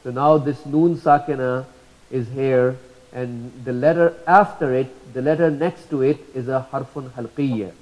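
A man teaching Quran recitation rules, patiently repeating each example slowly and drawing out the sounds. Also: mid-range voice, fairly even intonation, a little mellow, rough recording. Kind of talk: slow tajweed lesson.

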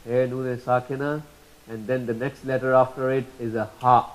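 A man teaching Quran recitation rules, patiently repeating each example slowly and drawing out the sounds. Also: medium pitch, flat delivery, low-quality recording. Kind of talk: slow tajweed lesson.

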